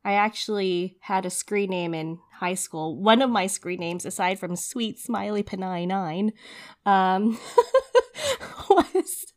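A woman in her thirties co-hosts a podcast, speaking slowly in a mid-range voice with a lively lilt. The chat is casual and upbeat, full of giggles and filler words.

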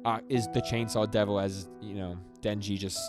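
A young man co-hosts a casual podcast, telling a story in long rambling runs full of stammers and restarts. His voice sits a little low. Music plays clearly under him. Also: level tone, moderate pace. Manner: rambling, frequent restarts and stammers, acts out quoted lines. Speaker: podcast co-host. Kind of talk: casual chat recapping a manga.

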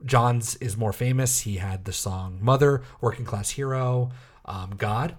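A man's voice: mid-range voice, a little slow. A man co-hosting a podcast, telling a story in casual chat with wry, offhand asides and plenty of fillers. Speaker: podcast co-host.

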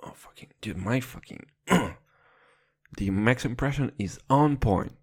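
A young man in his twenties rants in a hoarse voice, swearing as he rambles and plays things up for comic effect. He talks at an unhurried pace, and his pitch swings widely up and down. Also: expressive, darkish tone. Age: 20s. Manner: profane, rambling and mock-dramatic. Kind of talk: casual comic rant.

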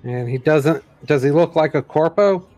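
Man, tabletop player, a bit high-pitched, direct, brisk in-character talk. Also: a little mellow, dry recording, faint music behind.

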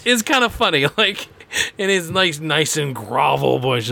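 A man co-hosting a podcast, his voice sitting a little higher than most men's. He talks in a loose, rambling way, trailing off and laughing often as he chats casually. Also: moderate pace, creaky, sharp tone. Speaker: podcast co-host. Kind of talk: casual chat.

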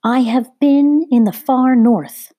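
A woman reading aloud voices a shrill, showy woman trader calling out to a crowd like a market hawker. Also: a little slow, dark tone, breathy edge, dry recording. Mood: proclaiming.

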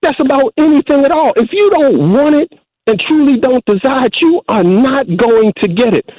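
This emotional call-in monologue comes from a middle-aged man whose very high voice is expressive and moderately paced. He preaches to the talk show, restarting and repeating a great deal, over a tinny phone line without echo.

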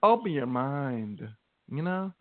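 A man co-hosting a casual podcast, ranting in a heated, profane way with a gravelly voice. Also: medium pitch, big pitch swings, takes it slowly, dry recording. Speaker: podcast co-host. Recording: tinny phone-like line.

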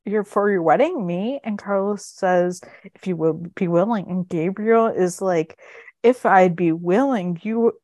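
A woman's voice: mid-range voice, a little slow, a little mellow, no echo. A woman co-hosting a casual podcast, retelling a TV episode scene by scene with lots of fillers and emotion. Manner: gushing, recounts scenes with many "like" fillers. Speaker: podcast co-host. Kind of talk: casual chat recapping a TV episode.

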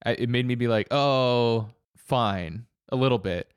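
A man's voice: medium pitch, very fast, smooth, no echo. A young man in casual film chat, thinking aloud hesitantly with many fillers.

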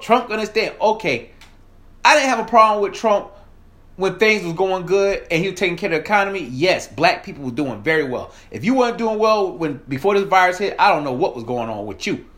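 A man rants at his viewers in a heated, emphatic style, swearing freely as he presses each point. His voice sits unusually high for a man. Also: fairly bright tone. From American South. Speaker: political commentator. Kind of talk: ranting monologue.

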